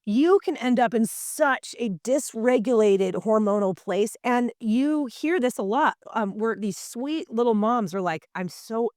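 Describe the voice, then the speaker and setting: A woman's voice: a little high, expressive, unhurried, hardly any pauses, darkish tone, no room sound. Woman, podcast co-host, earnest and emphatic, dry close sound. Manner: earnest, emphatic, talks straight to listeners. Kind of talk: casual health podcast talk.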